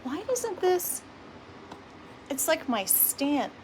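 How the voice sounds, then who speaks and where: A woman's voice: a little high, expressive, a little slow. A middle-aged woman, chatting casually and laughing often while hosting a live DIY decor video. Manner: chatty, laughs often, says "y'all" and "right?". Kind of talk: casual livestream chat while crafting. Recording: mic at a distance, audible room noise.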